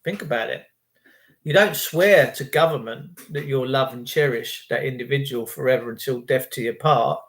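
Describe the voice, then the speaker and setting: A man's voice: medium pitch, moderate pace. A man hosting his own channel, talking in a casual, opinionated monologue. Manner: chatty, quotes people in their own voices. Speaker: channel host.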